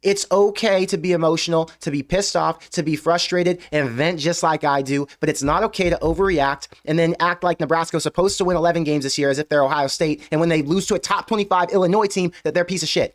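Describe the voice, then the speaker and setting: A man's voice: high voice, expressive, fast talker. A young man hosting a fan reaction show, venting with emphatic rhetorical questions after a game. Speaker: sports fan show host. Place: US Midwest.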